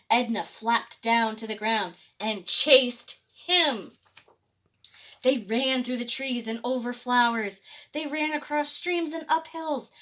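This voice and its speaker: Librarian lady reading to kids, slow and bright, a bit high, chuckles along. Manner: expressive, chuckling between pages. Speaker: children's librarian. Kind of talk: reading a picture book aloud.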